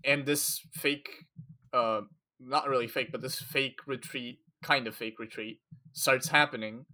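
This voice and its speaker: A man's voice: medium pitch, fairly even intonation, unhurried, pushed and bright. A man casually recapping a story in a podcast chat, rambling with lots of fillers.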